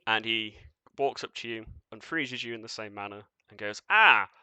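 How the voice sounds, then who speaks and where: A man's voice: on the low side, fairly even intonation, moderate pace, pushed and bright, clean tone, dry recording. A man narrating as game master of a tabletop game, casual and loose, with fillers and chuckles.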